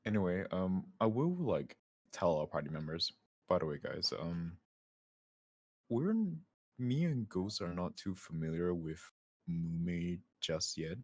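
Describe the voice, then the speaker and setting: A man's voice: deep voice, very animated, a little slow, no room sound. A man playing a tabletop game, explaining his character's thinking and sometimes whispering. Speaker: player. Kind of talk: casual tabletop role-play chat.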